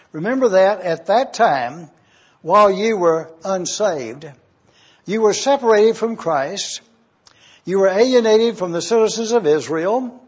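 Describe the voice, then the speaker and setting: A man giving an expository Bible teaching sermon as pastor, deliberate and repeating key phrases for emphasis. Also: high-pitched, darkish tone, slightly rough, dull audio.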